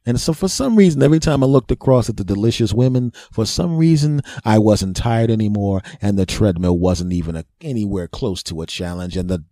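A man's voice: lowish voice, expressive, a little fast, few pauses, dark tone, dry recording, clean studio sound. A man telling a comic story on his podcast, mocking himself, chuckling at his own jokes and putting on raised voices for other people. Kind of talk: comedic storytelling monologue.

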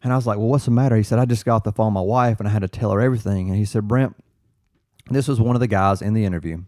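A man's voice: fairly low pitch, a little mellow, dry recording, clean studio sound. Earnest man telling a story. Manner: earnest, halting with restarts, quotes others in dialogue. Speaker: firefighter guest. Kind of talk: casual storytelling chat.

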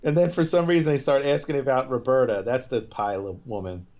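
A man's voice: mid-range voice, steady tone, fairly quick, darkish tone. A man co-hosting a casual chat show, retelling TV scenes in a rambling way full of restarts and fillers. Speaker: podcast co-host recapping a TV episode. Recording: dull lo-fi recording.

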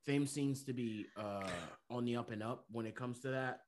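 A man's voice: medium pitch, normal speed. A man talking casually and emphatically about a movie, repeating his points with friends. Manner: animated, emphatic, repeats himself. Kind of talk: casual movie review chat.

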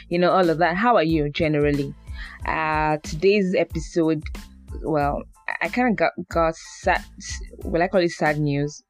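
A podcast host with a Nigerian accent talking to listeners in a chatty, playful monologue, often repeating words for emphasis. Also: medium pitch. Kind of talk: casual monologue.

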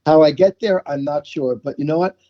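A man's voice: a little high, a little fast, warm tone, highs cut off. A middle-aged to older man with a New York accent, telling stories from his life in a chatty interview, often repeating words as he starts a thought. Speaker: songwriter guest. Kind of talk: interview conversation.

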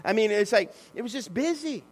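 High-voiced animated preacher. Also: male voice, brisk, in a large hall. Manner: animated, conversational, calls out to the congregation. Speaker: pastor. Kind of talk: sermon.

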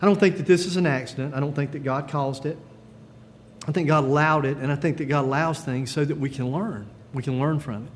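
A man pastor preaching a sermon in a gentle, conversational way, with frequent pauses and fillers. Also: on the high side, fairly even intonation, long reverb tail, slight background noise.

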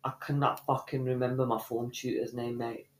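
A woman's voice: very deep voice, flat delivery, moderate pace, slight background noise. A young woman, co-hosting a podcast in casual banter, brash and playful, swearing constantly and trading insults in slangy street talk. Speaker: podcast co-host.

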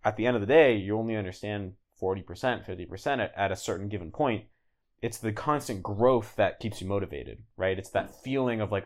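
As a guest on a podcast, a man who is a language learner explains things at length in a relaxed, rambling way. His fairly low voice runs a little fast, peppered with "like"s, fillers and restarts.

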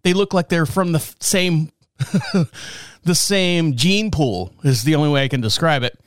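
Male host with a fairly high, smooth voice, telling a wry, rambling comic story. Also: a little slow, no echo, clean studio sound. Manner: rambling, wry, chuckling asides. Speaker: podcast host. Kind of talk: casual comic storytelling monologue.

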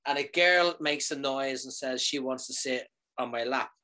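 A man casually telling a comic anecdote, animated, swearing freely and often checking in with "right?". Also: mid-range voice, normal speed.

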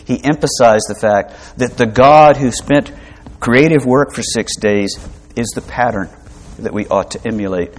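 A man preaches with a mid-pitched voice, explaining scripture in a relaxed, conversational way. He drops in light humor and rhetorical questions, and often pauses with fillers and restarts. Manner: conversational teaching with asides and humor. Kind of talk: sermon.

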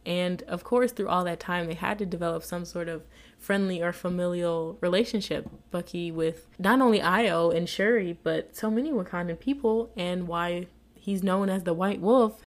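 A woman's voice: fairly low pitch, normal speed. Chatty laughing woman recapping a show. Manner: chatty and expressive, laughs often. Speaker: TV episode reviewer. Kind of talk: casual episode recap.

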